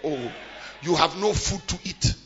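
A middle-aged man preaching a sermon in a large church hall, swinging between shouted declarations and hushed, low-voiced passages. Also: measured pace, slight background noise. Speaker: pastor. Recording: muffled live church recording with long reverb.

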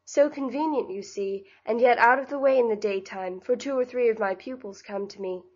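A woman voices a cheerful, bustling young woman in an audiobook, delivering her lines brightly and briskly. Her voice is a little high and close to an everyday speaking voice, and the recording's highs are cut off.

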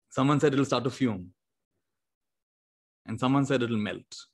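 A meditation teacher speaks to an audience over a video call, his voice at an ordinary middle pitch. He tells stories with energy, acting out the voices in them and laughing along the way. The delivery is animated and inspiring rather than formal. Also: moderate pace, long pauses. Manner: animated, acts out quotes, laughs often. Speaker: meditation teacher giving a talk. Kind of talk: motivational storytelling talk.

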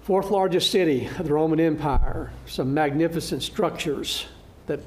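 A man teaching a church Bible class, lecturing through a slide show in a halting way, with frequent fillers and restarts. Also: a little high. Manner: good-humored, laughs at his own slip.

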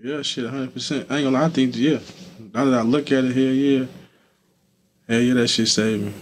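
A man's voice: medium pitch, steady tone, brisk, a little hiss or hum. A young adult man, a guest in an interview, talking loosely with lots of fillers. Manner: laid-back, loose, with many fillers like "you feel me". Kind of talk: casual street interview talk.

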